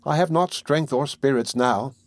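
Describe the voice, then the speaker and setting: Male reader voicing a frail pleading young lady, raised pitch, dry. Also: normal speed, no room sound, natural voice. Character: faint, frail young woman.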